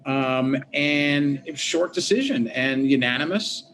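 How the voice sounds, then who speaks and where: A man of middle pitch speaks as an interview guest, recounting past events with animated energy. He slips into the voices of the people he quotes. A faint noise sits under the recording. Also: measured pace. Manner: animated, acts out quoted dialogue. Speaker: guest, former state senator and law professor. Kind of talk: conversational interview storytelling. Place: home office at a desk.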